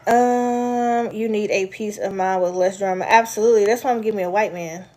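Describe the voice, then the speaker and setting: A woman's voice: medium pitch, steady tone, brisk, dark tone, faint music behind. A woman chatting casually with her viewers, rambling from story to story and answering their comments. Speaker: vlogger. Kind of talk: casual live chat with viewers.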